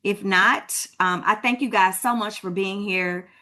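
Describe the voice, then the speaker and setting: Texan woman broker, bright and chatty, teaching a homebuying class over a video call. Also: medium pitch, a little slow. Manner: chatty and informal, thinks aloud while fixing tech. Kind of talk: live online class. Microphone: computer mic on a video call.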